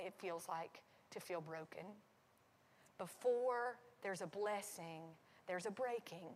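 Earnest woman preaching in a reverberant church. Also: mid-range voice. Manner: earnest, swinging from intense to hushed. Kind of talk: sermon. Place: church sanctuary. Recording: long hall reverb.

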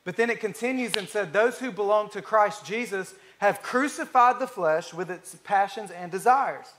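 A man's voice: high-pitched, normal speed, a bit bright. A man from Alabama with a Southern US accent, preaching a sermon in a folksy, conversational way and stretching out key words for emphasis. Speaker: pastor.

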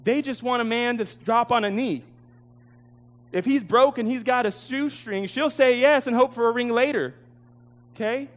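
A man's voice: very high-pitched, normal speed. A man preaching a sermon, telling a story with emotion and laughing at himself. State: tearful at times.

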